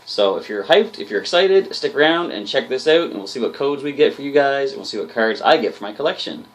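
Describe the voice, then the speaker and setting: A man's voice: medium pitch, animated, brisk. Man, host, casual unboxing commentary, upbeat, chatty, talks to viewers. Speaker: host of a card game channel. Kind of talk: casual booster pack opening commentary.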